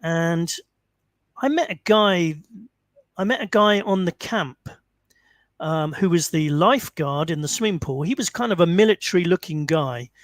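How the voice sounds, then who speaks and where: Male call-in host, high-pitched, close dry mic, loose storytelling. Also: animated, moderate pace, dry recording. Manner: rambling, many fillers and restarts. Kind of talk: casual storytelling.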